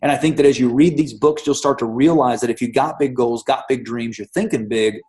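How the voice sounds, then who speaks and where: An upbeat man hosts a motivational talk at a medium pitch. He speaks straight to his listeners and urges them to think big and act. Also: brisk, darkish tone. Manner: upbeat, exhorting, addresses listeners directly. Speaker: host.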